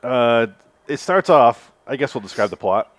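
A young adult man hosts a podcast, talking loosely with friends and cursing as he laughs through a review. His voice sits mid-pitch. The recording is dry and close. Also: lively intonation, moderate pace, dry recording. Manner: profane, laughing banter. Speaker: podcast host. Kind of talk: casual chat, reviewing an episode.

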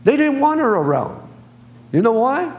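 A man's voice: very high-pitched, very animated, normal speed. A man preaching a sermon as pastor, speaking in plain colloquial phrasing and acting out voices. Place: church sanctuary. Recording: echoey church hall.

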